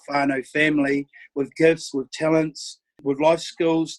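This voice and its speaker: Earnest New man, raised pitch. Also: rough recording. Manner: earnest storytelling with quoted dialogue, often dropping quiet. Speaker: podcast guest. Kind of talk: telling his life story.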